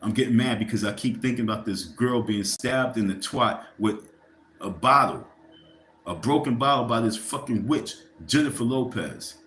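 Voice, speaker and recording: A man's voice: medium pitch, normal speed, a bit bright, echoey room, a little hiss or hum. A man hosting a livestream, ranting casually and profanely in a rambling, heated way and speaking directly to his viewers. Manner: addresses viewers directly, asks for likes. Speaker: livestream host.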